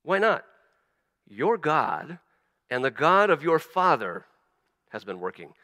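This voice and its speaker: A man preaching a sermon as a pastor, animated, acting out quoted voices, often stumbling and restarting. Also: a little high, takes it slowly, big-room sound.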